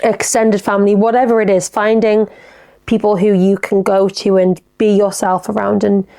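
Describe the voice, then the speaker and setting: A woman's voice: medium pitch, flat delivery, normal speed, creaky, dark tone. A woman hosting a podcast, giving advice in a chatty, enthusiastic and sweary manner. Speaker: podcast host. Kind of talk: casual advice chat.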